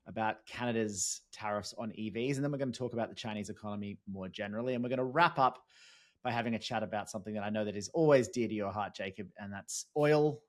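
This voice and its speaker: A man's voice: fairly low pitch, a bit bright. A man with an Australian accent, hosting a casual podcast chat with upbeat, chatty introductions. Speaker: host.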